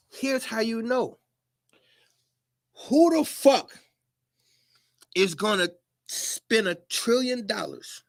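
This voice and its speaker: A man speaking in a profane, preachy monologue to his viewers, often rising into shouts. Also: high voice, creaky. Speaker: commentator. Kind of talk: animated monologue to camera.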